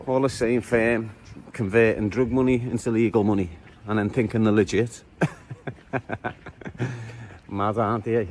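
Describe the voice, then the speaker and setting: A man's voice: lowish voice, fairly even intonation, a little slow, long pauses, darkish tone, a little hiss or hum. A man with a Liverpool accent walking the city streets, talking to his viewers in a cheeky, joking street-vlog style. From Liverpool, England. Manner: jokey, cheeky banter with viewers. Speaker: vlogger.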